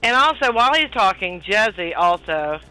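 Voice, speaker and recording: A man's voice: high-pitched, very animated, moderate pace, sharp tone, clear, resonant tone, faint music behind, poor audio. A man playing a tabletop game, narrating his character's actions in a rambling way, full of fillers. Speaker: player.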